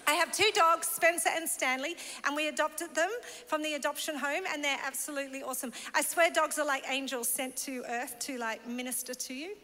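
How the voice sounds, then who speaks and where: A woman's voice: sits high, fairly even intonation, a little fast, sharp tone. A woman pastor from Northern Ireland, preaching in a bubbly, laughing, chatty way. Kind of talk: sermon. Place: large church hall. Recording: long church hall reverb.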